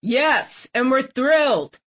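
A woman voicing a calm young man with a dry, wry way of speaking. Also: high-pitched, slow pace, slightly rough, pitched above the performer's own voice, full character voice.

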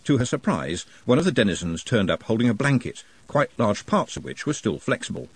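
A man narrating an audiobook in an expressive, wry manner, recorded close to the mic. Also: medium pitch, brisk, breathy edge. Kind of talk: scripted narration.

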